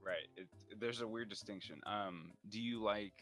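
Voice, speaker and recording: A man with a very low voice chats in an unhurried, agreeable way as co-host of a game stream. He mostly nods along and adds short thoughts. Soft game music sits in the background. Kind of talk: casual chat on a game stream.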